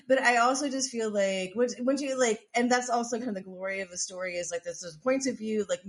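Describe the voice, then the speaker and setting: A woman co-hosting a podcast, telling a story in casual chat with lots of swearing, restarts and "like". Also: on the high side. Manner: profane, rambling, with frequent restarts and "like". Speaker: podcast co-host.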